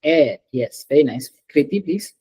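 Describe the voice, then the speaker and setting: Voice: mid-range voice, animated, normal speed, mellow, husky, rough recording. A teacher giving an online French class over a video call, patiently repeating words and calling on students.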